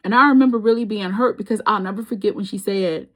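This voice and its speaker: A woman's voice: medium pitch, fast. A woman doing a tarot reading, telling a personal story in casual, slangy speech and laughing often. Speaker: tarot reader.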